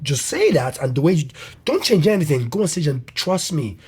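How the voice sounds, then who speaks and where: A man's voice: fairly high pitch, big pitch swings, a little fast, darkish tone, a little hiss or hum. A young man, a comedian, telling a story casually, with lots of laughing, fillers and swearing. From Ireland. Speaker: comedian guest.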